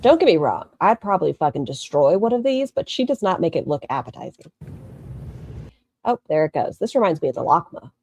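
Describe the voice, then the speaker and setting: A woman's voice: lowish voice, very animated, brisk, darkish tone, a little hiss or hum. A woman making snarky reaction commentary on a video, mocking it and swearing freely. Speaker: commentary streamer.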